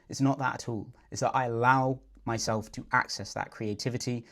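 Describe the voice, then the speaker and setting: A man's voice: mid-range voice, steady tone, a little fast, few pauses. A man working as a dating coach, talking through his advice in an earnest, explanatory, conversational way. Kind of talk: coaching breakdown voice-over.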